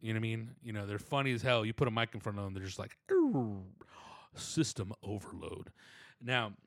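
Guy rambling thru a profane story, bright forceful voice, dry close sound. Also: lowish voice, fairly even intonation, rapid-fire, dry recording. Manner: rambling, slangy, profane, does voices of people in his stories. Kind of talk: casual storytelling monologue.

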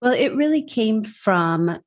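An American woman talking as an interview guest, speaking in an animated, emphatic way. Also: a little high, slow pace. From United States. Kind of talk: podcast interview.

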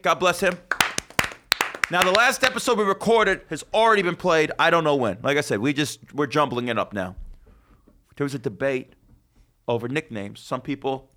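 A man hosting a casual podcast, joking loudly and swearing, his voice swinging from high excited bursts to low asides. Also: a little hiss or hum. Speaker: podcast host.

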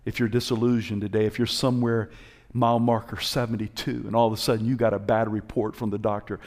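A male preacher giving a passionate sermon, calling out to his congregation and swinging between loud exhortation and quiet, hushed moments. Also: lowish voice, little pitch movement, quick pace. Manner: passionate, call-and-response, swings from shouts to hushed.

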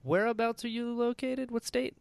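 A man from North Carolina hosting a podcast, chatting in a relaxed, friendly way and laughing often. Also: very high voice, normal speed, vocal fry, smooth, no echo. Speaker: podcast host. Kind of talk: casual chat. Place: home studio in Florida, dry sound.

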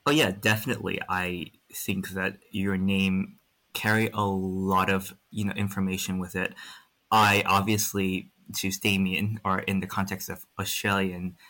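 A man's voice: deep voice, flat delivery, a little slow, sharp tone. A young Vietnamese man with an American-influenced accent, a native Vietnamese speaker, answering interview questions frankly with many fillers. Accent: American-influenced English, Vietnamese speaker.

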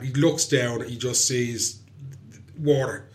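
A man with an Irish accent retelling a folk tale in a casual, chatty podcast, animated and laughing often. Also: medium pitch, moderate pace. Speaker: podcast host, storyteller. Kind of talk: casual storytelling chat.

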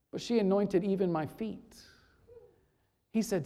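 A woman preaching a sermon and retelling a story to make her point, dropping to a hush for emphasis and then building back up. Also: mid-range voice, a little slow, long pauses.

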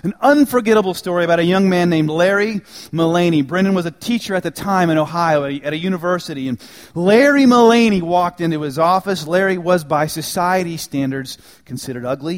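Man, pastor, sermon, fairly high voice, storytelling, swings from loud to hushed. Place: church.

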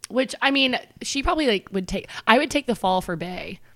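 Animated laughing woman podcast co-host. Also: a little high, fairly quick. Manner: animated, laughing, acts out scenes in voices. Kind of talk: casual chat.

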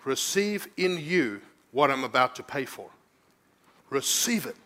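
A man's voice: mid-range voice, very animated, measured pace, pushed and bright. A man preaching a sermon as pastor, teaching scripture and rising to urgent, emphatic preaching, often asking the congregation to respond.

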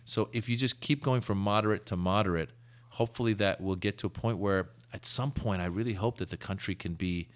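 A man hosting a podcast, telling stories in an animated, casual way with frequent restarts. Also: lowish voice, fairly quick, hardly any pauses. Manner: animated storyteller, many restarts. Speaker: podcast host. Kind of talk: casual conversation.

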